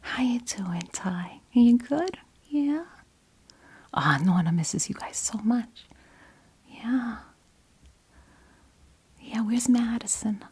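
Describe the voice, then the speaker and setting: A woman's voice: a little high, lively intonation, slow, long pauses, darkish tone, breathy edge, heavily acted. A woman in her fifties voicing a chatty, fussing grandmother from New Jersey on a video call, in whispered role-play. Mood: tender. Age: 50s.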